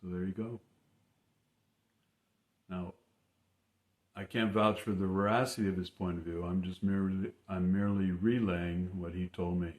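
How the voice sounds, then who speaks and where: A man telling an anecdote in a casual, halting way, often repeating words. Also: sits low, level tone, a little mellow. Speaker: storyteller. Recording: roomy echo.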